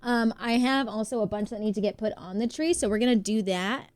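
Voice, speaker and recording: A woman's voice: a little high, brisk, darkish tone, no room sound. A woman with an American accent, chatting casually on a live stream, bubbly and greeting viewers by name. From United States.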